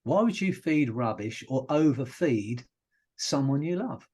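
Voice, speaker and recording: A British hypnotherapist telling stories in a relaxed, rambling way, often restarting his sentences as a podcast guest. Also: mid-range voice, measured pace, breathy edge. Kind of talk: casual interview chat.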